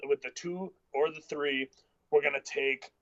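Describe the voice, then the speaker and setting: A man co-hosting a casual sports podcast, arguing football picks bluntly and in rapid bursts. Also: a little high, fairly even intonation, a bit bright, no echo. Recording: dull lo-fi sound.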